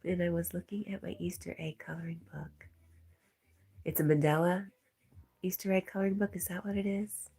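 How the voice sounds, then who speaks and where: A woman hosting a livestream, reading out viewer comments in a casual, soft, often half-whispered way, with a stuffy nose. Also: fairly low pitch, creaky, husky. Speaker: livestream host.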